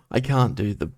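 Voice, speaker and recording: A man's voice: on the low side, no room sound, clean studio sound. A man streaming a video game and chatting casually with playful, joking asides. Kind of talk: casual gameplay commentary.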